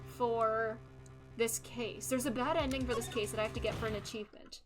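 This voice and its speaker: A woman's voice: a little high, fairly even intonation, a little fast. A young woman streaming a game, chatting casually and thinking aloud. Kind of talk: casual gameplay commentary. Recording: stream with game music behind.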